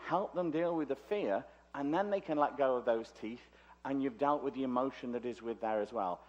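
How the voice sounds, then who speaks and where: A man's voice: mid-range voice, moderate pace. A British man, originally from Liverpool, delivers a conference lecture in a chatty, joking manner full of asides. His voice sits in a middling register. The recording sounds dull and lo-fi. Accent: British English. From Liverpool, England. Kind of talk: conference talk. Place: conference hall.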